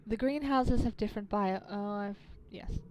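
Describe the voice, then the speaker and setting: A woman's voice: mid-range voice, moderate pace, noisy background. A woman streamer reading a narrative game aloud, with wry, swearing asides to her chat. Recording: game music behind voice.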